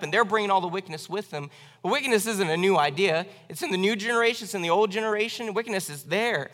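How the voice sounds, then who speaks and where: Male pastor, high and bright voice, earnest sermon delivery with emphatic swells, recorded with long church reverb. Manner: earnest preaching, rising loud on emphatic lines. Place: church sanctuary.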